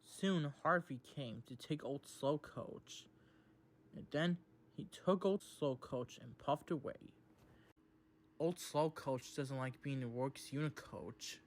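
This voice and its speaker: A woman narrating a children's train story in a slow, simple storybook manner. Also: a bass voice, a little mellow.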